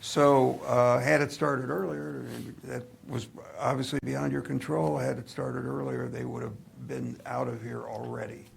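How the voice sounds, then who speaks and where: A man's voice: medium pitch, little pitch movement, unhurried, vocal fry, few pauses, husky. A male attorney addressing commissioners at a public hearing, hesitant and polite, with many fillers. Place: hearing room.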